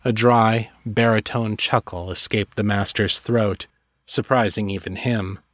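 A man narrating a fantasy story in a measured, dramatic way. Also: fairly low pitch, fairly even intonation, a bit bright, no room sound, clean studio sound. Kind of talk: scripted narration.

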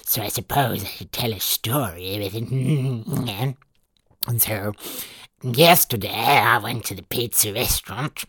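A podcast host voicing a dirty little gremlin in a husky, rambling way. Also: mid-range voice, measured pace, a bit bright, no room sound. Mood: gleeful. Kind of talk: playful improvised monologue.

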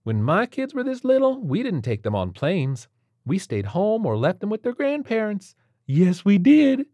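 A man's voice: high-pitched, huge pitch swings, moderate pace, warm tone, no room sound, voice pushed up, heavily acted. A man voicing a chatty middle-aged southern woman stranger, drawling in a sing-song voice with a southern accent.

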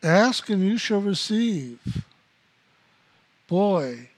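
A man with a notably high voice gives a spiritual teaching talk. He speaks slowly and deliberately, repeating phrases for emphasis and dropping in blunt asides. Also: expressive.

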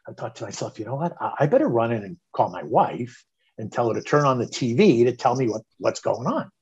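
A middle-aged man, a podcast guest, telling a personal story in an animated way, swearing freely and getting loud when reliving moments of panic. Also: medium pitch, brisk, breathy edge, lo-fi sound.

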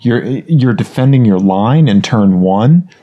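A man's voice: on the low side, lively intonation, measured pace, dull audio. A man co-hosting a casual podcast from a bedroom, encouraging and coaching in tone. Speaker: podcast co-host. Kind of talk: casual chat.

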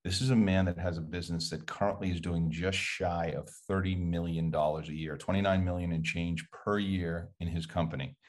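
Guy talking on a podcast, really deep voice, calm and steady. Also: fairly quick, few pauses. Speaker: podcast guest. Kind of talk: casual conversation.

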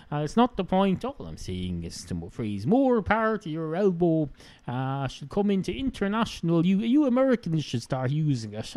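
A man's voice: high-pitched, a little mellow, dry recording. A man with an Irish accent hosting a rambling solo podcast, full of "uh" fillers and self-mocking asides. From Ireland. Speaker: podcast host.

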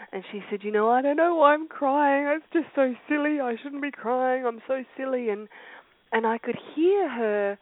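A woman's voice: lowish voice, dry recording. Heartfelt woman coach on a tinny call. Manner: heartfelt and reflective, with frequent restarts and throat clearing. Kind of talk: earnest motivational talk.

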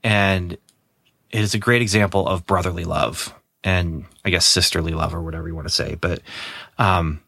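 A man's voice: sits low, fairly even intonation, moderate pace, gravelly, a bit bright, dry recording. A man hosting a casual podcast chat, enthusiastic and chatty, laughing easily as he talks. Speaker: podcast host.

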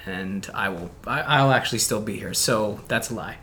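A man's voice: fairly low pitch, moderate pace, bright, forceful tone, slight background noise. A man from Canada hosting a podcast, bantering and teasing his guest in casual chat. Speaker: podcast host.

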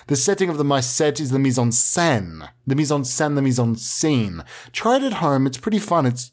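A man doing a deadpan, rambling comedy monologue full of absurd made-up explanations. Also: medium pitch, moderate pace.

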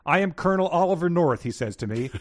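A man reading aloud in the voice of a slow-witted Southern man, with a put-on Southern accent and folksy, ungrammatical speech. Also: a little high, animated, no echo, clean studio sound, voice pushed up, lightly acted. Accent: American Southern, put on. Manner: folksy drawl with broken grammar.

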